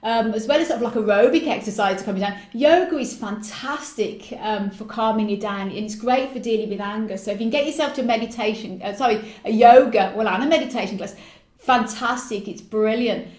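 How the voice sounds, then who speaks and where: A woman in her forties speaks in a fairly high voice, chatty and enthusiastic as she recommends calming remedies. She is co-hosting a casual wellness chat. Her voice echoes in the room. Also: fairly quick. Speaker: co-host.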